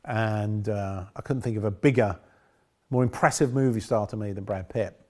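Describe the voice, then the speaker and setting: Guy reminiscing in a low voice, kinda rambling, keeps restarting his sentences. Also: normal speed, warm tone. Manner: rambling, with frequent restarts and self-corrections. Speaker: film director. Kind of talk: casual interview reminiscence.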